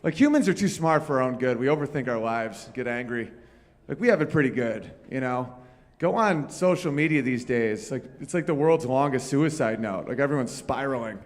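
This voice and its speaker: A man's voice: mid-range voice, expressive, moderate pace. Crude, rambling male stand-up comedian. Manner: crude, profane, rambling storytelling; banters with the crowd. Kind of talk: live stand-up set. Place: comedy club stage.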